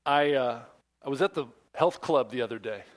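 Relaxed middle-aged male pastor, storytelling. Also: mid-range voice, moderate pace. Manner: relaxed storytelling with frequent ums and light jokes. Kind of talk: conversational sermon.

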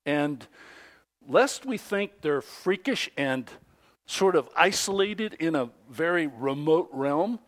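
A man preaching a sermon, acting out the voices he quotes and swinging between loud outbursts and hushed asides. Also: a little high. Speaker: pastor.

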